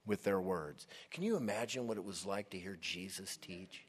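A man preaching a sermon as pastor, delivering emphatic, deliberate lines with dramatic stresses. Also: deep voice, slightly rough, long reverb tail.

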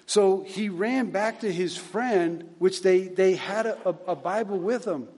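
A man preaching a sermon, retelling a story and reading scripture in a halting way, with many repeated words and fillers. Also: high voice, darkish tone, breathy edge, long reverb tail.

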